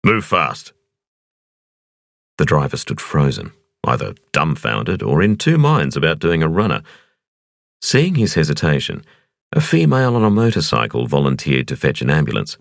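A man reading a thriller audiobook in a measured, expressive narration. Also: a bass voice, gravelly, dry recording, clean studio sound. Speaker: audiobook reader.

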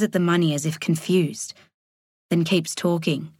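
A woman narrating a thriller audiobook in a measured, deliberate way. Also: lowish voice, steady tone, a little mellow, dry recording, studio quality. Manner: measured, slowing on tense moments.

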